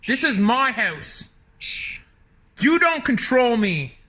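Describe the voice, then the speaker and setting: A man talking casually outdoors on his home deck, exasperated and full of mock-tough bravado, often shouting. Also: very high-pitched, big pitch swings, slow. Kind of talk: casual talk to a bird.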